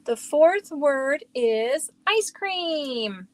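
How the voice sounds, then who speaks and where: A woman's voice: high voice, animated, extremely slow, no room sound, rough recording. A woman hosting a casual crochet livestream from home, chatting and reacting to viewer comments as she shows yarn. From Germany.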